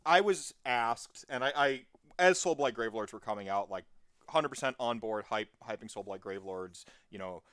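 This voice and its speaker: A podcast guest talking in a casual, rambling way, animated and full of tangents and fillers. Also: mid-range voice, normal speed, clean tone, dry recording, clean studio sound.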